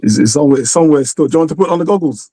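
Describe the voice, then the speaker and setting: A man's voice: on the high side, expressive, very fast, dark tone, dry recording, clean studio sound. A man joining a live fan stream as guest, easygoing but hesitant and stammering. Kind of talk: casual livestream chat.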